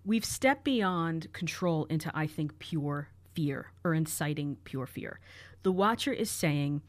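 A woman's voice: low voice, lively intonation, unhurried, no echo. A woman co-hosting a true crime podcast, carefully analyzing and reading out quoted letters. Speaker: podcast co-host.

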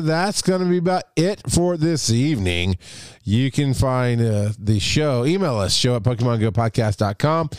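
Male podcast co-host, mid-pitched, smooth and dry on a close mic, upbeat and chatty. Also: a little mellow, no echo. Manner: upbeat, chatty, laughs often. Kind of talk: casual podcast chat.

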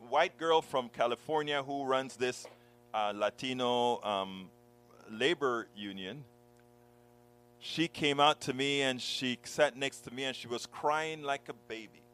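A man's voice: mid-range voice, a little slow, a bit bright, clear, resonant tone, soft background music, low-quality recording. A blogger and speaker telling a personal story with passion, often repeating words and starting over as he acts out what people said.

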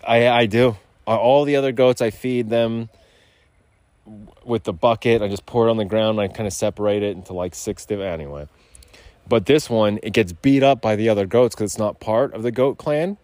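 A man's voice: fairly low pitch, normal speed, darkish tone, no room sound. A man hosting a podcast outdoors, rambling in loose, profane, digressive casual chat. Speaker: podcast host. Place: outdoors on a rural lot.

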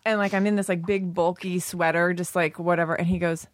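A middle-aged woman telling a story in casual chat, animated and swearing freely. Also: on the low side, brisk, no echo, studio quality. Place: Los Angeles.

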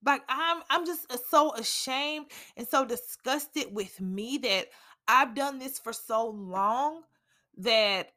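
A woman's voice: a little high, lively intonation, slow pace, bright, forceful tone. A young woman, hosting a casual faith podcast and talking candidly, with dramatic asides to herself. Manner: candid, preachy, with dramatic self-talk asides. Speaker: podcast host.

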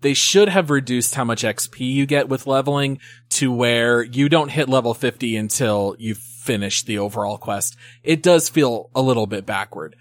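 A man co-hosting a casual gaming podcast, explaining things in a measured way. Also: mid-range voice. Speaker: podcast co-host.

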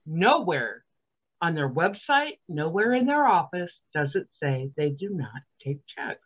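A woman from Alabama spins a long story with a dry, sardonic bite. Her voice sits a bit low and comes through a thin, phone-like line. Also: sing-song, measured pace, husky. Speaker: guest. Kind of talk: casual storytelling on a comedy podcast.

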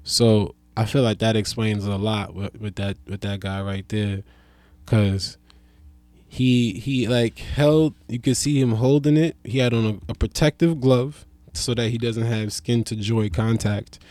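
Talking a little slowly, the young adult comic wanders loosely through his profane monologue. Loud bursts alternate with quiet mutters, and there's no room sound.

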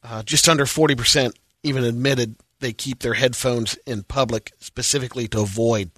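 A man with a bright, forward voice, reading quirky news items as a radio co-host. The sound is close and dry, and he delivers each item as a plain, matter-of-fact setup. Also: mid-range voice, fairly even intonation, a little fast, no room sound. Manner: reads odd news bits, dry setups. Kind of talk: casual banter and news reading.

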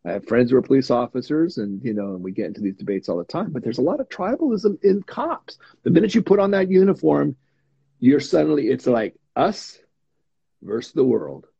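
Guy talking slow and thoughtful, warm raspy voice, kinda muffled dry recording. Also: a little high, animated, no room sound. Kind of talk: casual chat.

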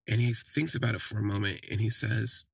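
Reflective man with a creaky husky voice. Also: on the low side, flat delivery, brisk, no echo. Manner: reflective, hesitant, frequent restarts. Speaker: storyteller. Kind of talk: first-person storytelling podcast.

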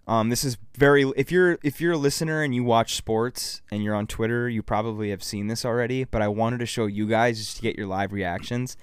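A man talks casually on a podcast, telling a story and setting up a clip for the group. His voice is smooth and resonant, recorded dry and close. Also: mid-range voice, a little fast, hardly any pauses, dry recording. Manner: relaxed, storytelling, sets up clips for the group. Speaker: podcast co-host.

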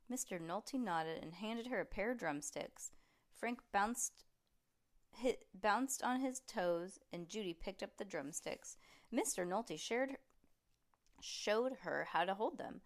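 A woman's voice: mid-range voice, measured pace. A woman reading a children's chapter book aloud. She voices the characters as she goes and stumbles on words now and then. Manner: lively, animated reading with voiced characters and frequent slips. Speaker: storybook reader.

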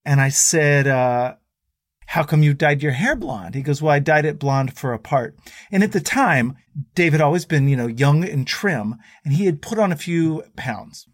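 Animated man telling road stories. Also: fairly high pitch, normal speed, no echo, clean studio sound. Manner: animated storyteller who acts out quoted voices. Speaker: podcast guest, musician. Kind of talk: casual anecdote telling.

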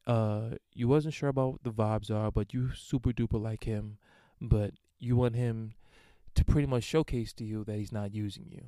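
A man's voice: fairly low pitch, steady tone, normal speed, mellow, no echo, studio quality. A man hosting a show, reading a listener's email aloud and giving blunt, informal advice in a casual monologue. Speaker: podcast host answering listener emails.

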